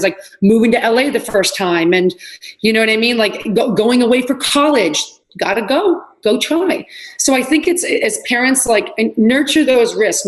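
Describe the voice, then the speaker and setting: A middle-aged woman, a fitness trainer, telling lively stories in a casual podcast chat and acting out what people said. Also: on the high side, rough recording. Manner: animated storyteller, acts out quotes.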